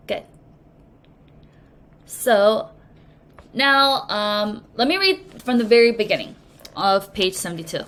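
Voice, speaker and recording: A woman English teacher giving a recorded reading lesson, explaining slowly and patiently to young students. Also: a little high, a bit bright. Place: language academy.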